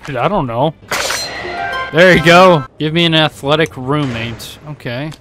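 A man's voice: a little high, a little slow, over music. Sarcastic, sweary gamer guy. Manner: sarcastic, sweary, prone to loud outbursts. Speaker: let's play gamer. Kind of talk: casual gameplay commentary.

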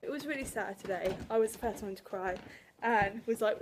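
There's a slight hiss or hum behind this woman's medium-pitched, fairly quick voice. In her twenties and at home, she chats emotionally to the camera in a casual vlog, sighing and laughing as she goes.

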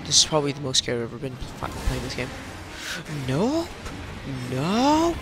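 A man commentating his own gameplay, swinging between muttered complaints and panicked, swearing yells. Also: mid-range voice, level tone, rapid-fire. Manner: panicky, yelling, swearing outbursts. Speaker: let's play gamer. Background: game music.

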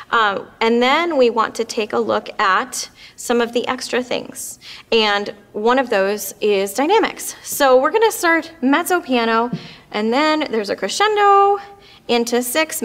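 A woman's voice: fairly high pitch, a bit bright. A woman teaching an oboe lesson, explaining patiently and with frequent fillers. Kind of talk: instructional music lesson.

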